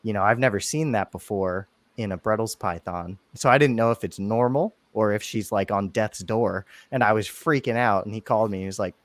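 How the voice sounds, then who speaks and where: A man's voice: lowish voice, fairly quick, few pauses, dry recording. A man co-hosting a podcast, chatting casually and laughing often between rambling asides. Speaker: podcast co-host. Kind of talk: casual chat.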